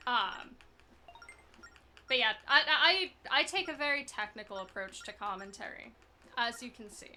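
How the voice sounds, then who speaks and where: A woman's voice: high voice, pushed and bright. A woman streaming a speedrun, chatting loosely and answering chat as she plays, self-deprecating and giggly. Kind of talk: casual live gameplay commentary.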